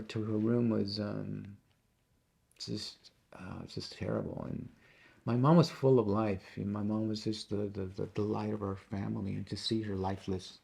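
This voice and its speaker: A middle-aged man, a musician being interviewed, talking in a halting way and often repeating and restarting his words. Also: on the low side, little pitch movement, vocal fry, mellow, breathy edge. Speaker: interview guest, tribute band musician. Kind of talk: casual interview conversation.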